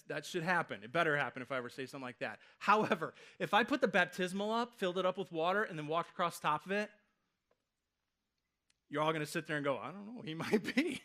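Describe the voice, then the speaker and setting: A man's voice: high voice, fairly bright tone. A man in his thirties, a pastor preaching a sermon from a church stage, in a loose conversational way full of rhetorical questions. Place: church stage before a congregation.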